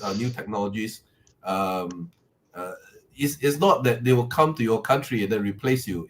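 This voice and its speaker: Male caller, mid-pitched, hesitant, filler-heavy debate delivery. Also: rough recording. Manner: halting, many fillers and restarts. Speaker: call-in debater. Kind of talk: casual debate on a live call. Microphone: webcam call mic.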